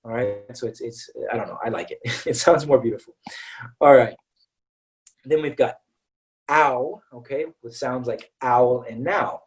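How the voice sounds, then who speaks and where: A man's voice: mid-range voice, normal speed, distant mic, rough recording. An American man teaching English in a live webinar, talking in a chatty way and often checking in with "all right" and "okay".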